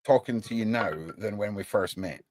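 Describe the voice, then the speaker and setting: A man hosting a casual livestream chat, animated and talkative, often checking in with "right?". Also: lowish voice, moderate pace. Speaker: podcast host.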